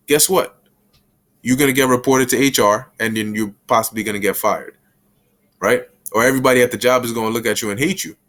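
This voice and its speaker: A man gives a relaxed, conversational Bible lesson, weaving scripture into everyday street talk. He slips into quick mini-scenes with short bursts of other voices, and his own pitch sits right in the middle. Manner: casual street slang, acts out little scenes with quick voices. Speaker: bible teacher.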